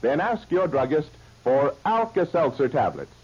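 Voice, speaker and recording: A man's voice: fairly high pitch, very animated, moderate pace, over loud music. A man reading a radio advertisement as an announcer, emphatic and persuasive. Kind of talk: radio ad read. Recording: muffled old radio recording.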